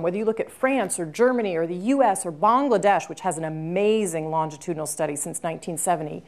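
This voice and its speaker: A woman's voice: medium pitch, a little mellow. A woman guest speaker answering audience questions at a university talk, telling an earnest story with emphatic repetition.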